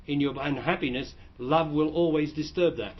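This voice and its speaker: A spiritual teacher answers audience questions plainly and explanatorily, frequently restarting his phrases. His voice is on the high side at a moderate pace, captured in a dull lo-fi recording.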